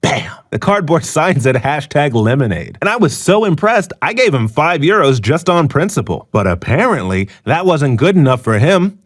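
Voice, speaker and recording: A man's voice: fairly high pitch, sing-song, moderate pace, hardly any pauses. A male comedian telling a sarcastic comic story in punchy jokes.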